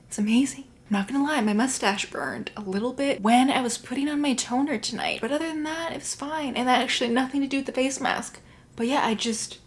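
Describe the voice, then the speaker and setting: A woman's voice: sits high, normal speed. A woman vlogging casually at home at night, chatty and playful, sometimes dropping to a whisper. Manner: chatty and playful, drops into whispers now and then. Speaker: beauty vlogger. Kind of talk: casual chat to camera.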